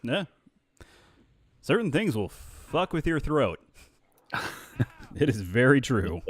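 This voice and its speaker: A man's voice: medium pitch, takes it slowly. A man streaming live, chatting casually and animatedly as he tells stories about voice acting. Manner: animated storyteller who slips into voices. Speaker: streamer and voice actor.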